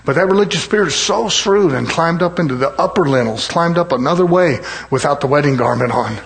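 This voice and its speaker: A gravelly-voiced man preaches a sermon in a fervent cadence, punctuating it with amens and hallelujahs. He slows down and sinks low on scripture lines.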